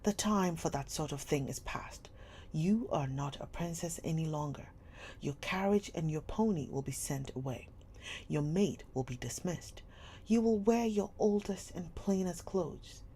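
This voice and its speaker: A woman's voice: deep voice, expressive, unhurried, a little hiss or hum. A woman doing a cold, stern schoolmistress. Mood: scornful. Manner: stern, sharp, scolding. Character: cold domineering schoolmistress, middle-aged woman.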